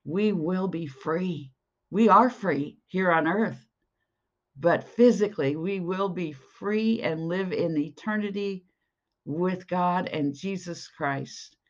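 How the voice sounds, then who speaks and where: A podcast preacher giving a slow, earnest devotional sermon and reading scripture aloud. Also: medium pitch, muffled recording.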